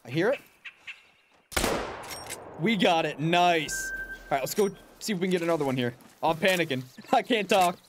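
A man's voice: fairly high pitch, lively intonation, normal speed, pauses often, background noise. A young man giving casual, chatty commentary while playing a hunting game, laughing often and talking to his in-game dog. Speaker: gaming channel host.

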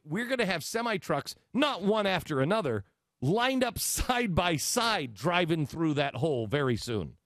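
Sarcastic, animated male talk host. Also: a little high, dry recording, clean studio sound. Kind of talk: talk radio commentary.

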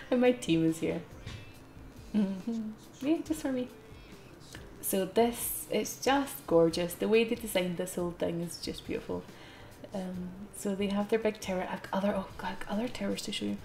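A young Scottish woman streaming a game live, chatty and excitable and laughing often as she talks to her viewers. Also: medium pitch, moderate pace, faint music behind.

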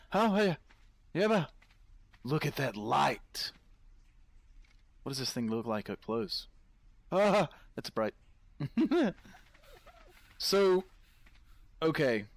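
Speaking at medium pitch with no echo, a gameplay commentator keeps up relaxed chatter for his audience and jumps into startled yelps and laughs.

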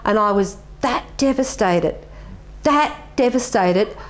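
A woman's voice: a little high, animated, takes it slowly. A middle-aged woman, a martial arts master giving earnest, reflective interview answers and telling stories with animation.

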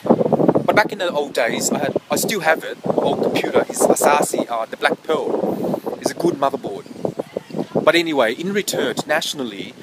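Outdoors in the wind, a vlogger talks to camera in a slightly high, animated voice at a moderate pace, rambling through made-up technical jargon. He keeps correcting himself and meows between phrases, and the recording is very noisy.

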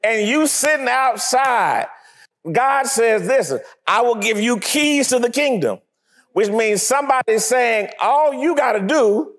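Male pastor, high tenor, animated sermon delivery, plays out scenes. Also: unhurried. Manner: animated, acts out scenes, laughs often.

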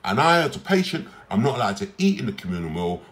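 Man, lively swooping pitch, emphatic, repetitive, personal complaint recording. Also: fast talker. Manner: lively, emphatic, repeats himself. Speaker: psychiatric ward patient.

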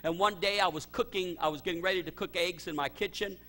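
High, bright-voiced man preaching a story sermon. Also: quick pace. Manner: swings from loud excited storytelling to low quiet emphasis. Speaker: pastor.

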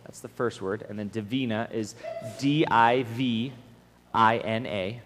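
A man preaches at a youth camp. He tells stories in an animated way, often stops to restart a phrase, and then walks the campers through instructions. His voice carries a long hall reverb. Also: fairly low pitch, unhurried, a little hiss or hum. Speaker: camp speaker.

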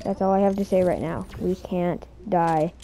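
A young woman gaming with a friend, excitable, rattling off repeated commands. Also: fairly low pitch, moderate pace. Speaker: gamer. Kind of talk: excited gameplay chatter. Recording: noisy game audio behind.

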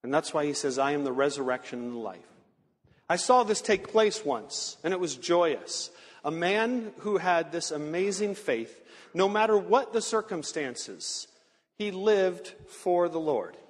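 High-voiced man preaching in a reverberant hall. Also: expressive. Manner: earnest storytelling, slowing for emphasis. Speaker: pastor. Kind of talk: sermon. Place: large church sanctuary.

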